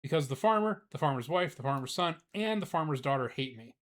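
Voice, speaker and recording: A man's voice: fairly high pitch, lively intonation, fairly quick, a bit bright. A man voicing a sad little male boll weevil in a storybook read-aloud, plaintive and pleading.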